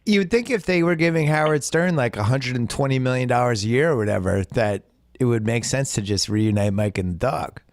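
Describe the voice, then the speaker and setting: A man talking sports in a casual podcast chat. He riffs and jokes easily, with an average pitch. The sound is dry and close, with no room behind him. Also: dry recording. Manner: chatty, quick jokes and voice bits. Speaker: podcast host.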